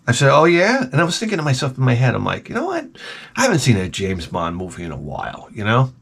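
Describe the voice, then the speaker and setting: Man, comedic rambling monologue, animated delivery, wide pitch swings. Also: fast, creaky, slightly rough. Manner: animated, jumps between impressions and asides. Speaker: channel host.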